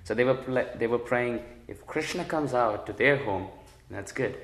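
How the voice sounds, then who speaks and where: A man teaching a religious class, retelling sacred stories and explaining their meaning with lively quoted lines. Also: mid-range voice, normal speed, slight background noise. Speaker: spiritual teacher. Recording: echoey room.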